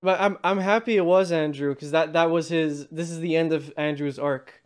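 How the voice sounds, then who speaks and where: A man chatting casually about a film, halting and repeating words as he restarts his sentences. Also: a little high, fairly even intonation. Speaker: film discussion co-host. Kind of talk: casual chat.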